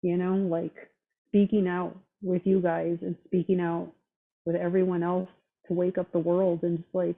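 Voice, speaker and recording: A woman's voice: lowish voice, flat delivery, moderate pace, creaky. A woman in casual chat, talking bluntly and with heavy profanity, fired up and determined. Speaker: roundtable guest. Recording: tinny phone-line audio.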